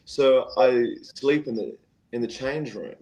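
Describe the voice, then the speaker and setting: A man in an easy, rambling storytelling mood, his voice sitting at a middling pitch. He rushes through some stretches and slows right down in others. He acts out the other people in his story, jumping his pitch up to play them. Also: highs cut off. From Australia. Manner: animated, acts out quoted voices with big pitch jumps, keeps saying "anyway". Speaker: guest singer-songwriter. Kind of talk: casual storytelling chat.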